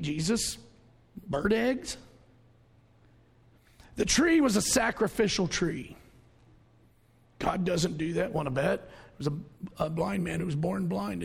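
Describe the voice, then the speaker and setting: A man preaching a sermon to his church with a drawl, folksy and conversational, swinging from loud outbursts to hushed asides. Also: sits high, animated, unhurried, gravelly, pauses often, breathy edge, big-room sound. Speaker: pastor.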